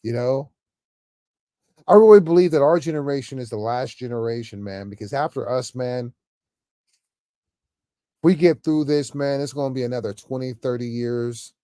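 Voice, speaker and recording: A man's voice: medium pitch, normal speed, pauses often, mellow, no echo, studio quality. A man giving an off-the-cuff political rant to camera, emphatic and repetitive, stammering often and ending phrases with "man". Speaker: political commentator vlogger.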